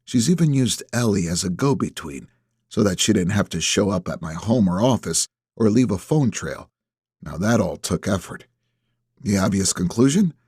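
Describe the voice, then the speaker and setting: A man reads a first-person audiobook in a low, husky voice. His delivery is measured and terse. The recording is dry and close. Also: expressive, a little mellow, no echo. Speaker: audiobook narrator.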